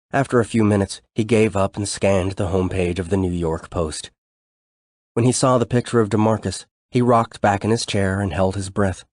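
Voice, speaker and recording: A male narrator with a low voice reads an audiobook at a measured, steady pace. The recording is dry and close, with no room sound. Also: no echo.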